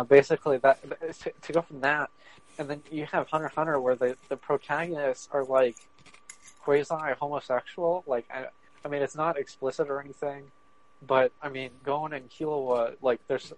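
A man's voice: medium pitch, fairly even intonation, moderate pace, low-quality recording. A man co-hosting a podcast in casual chat, rambling with many fillers and laughing often. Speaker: podcast co-host.

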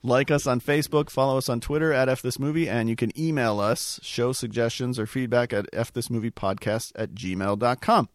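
A man hosting a film podcast in relaxed, chatty conversation, then reading out the show's plugs. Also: mid-range voice, a little fast, hardly any pauses, no echo, clean studio sound. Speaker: podcast host. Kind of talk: casual chat.

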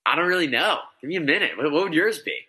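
A man co-hosting a sports podcast in casual chat, excited and rambling, with many restarts. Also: on the high side, fast talker. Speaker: podcast co-host.

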